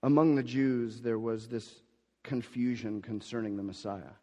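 A man preaching a sermon, telling the story with sudden swings between loud emphasis and hushed asides. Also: mid-range voice, steady tone, a little slow, long reverb tail. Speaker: pastor.

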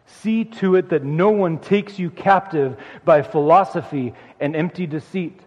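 Male preacher, high pitch, earnest exhortation full of repeated phrases; dull, reverberant hall recording. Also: unhurried, darkish tone. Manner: earnest, repeats phrases for emphasis, rises when urging. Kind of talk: sermon.

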